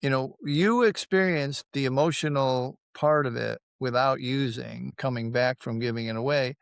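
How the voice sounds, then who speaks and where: A man with a gravelly voice coaches in a measured, reassuring tone and often thinks aloud. His pitch sits in the middle, and the recording is dry and close. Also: dry recording. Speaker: recovery counselor. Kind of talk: conversational coaching.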